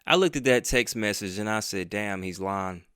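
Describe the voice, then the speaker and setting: A man's voice: fairly low pitch, normal speed, bright, forceful tone, clean tone, no room sound, studio quality. A man telling a personal story in a casual, profane storytime monologue, acting out the dialogue as he goes. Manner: conversational and profane, retelling with quoted dialogue. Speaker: vlogger and podcaster.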